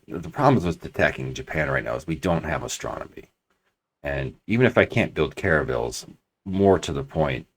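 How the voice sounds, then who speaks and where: A man commenting on his strategy game as he plays, thinking aloud and talking his plans through at length. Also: very deep voice. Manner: thinking aloud, restarts and hedges while planning. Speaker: let's play commentator.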